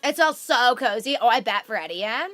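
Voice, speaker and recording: A young woman chatting on a live stream from her room at home. She rambles cheerfully and swears often, her voice high and bright. The sound is dry and close, with faint music behind her. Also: expressive, moderate pace, no room sound. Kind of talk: casual chat on a live stream.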